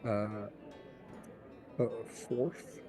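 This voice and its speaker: A man's voice: on the low side, fairly even intonation, drawn-out words, over music. A man narrating a tabletop game as its game master, talking in a casual, chatty way full of fillers.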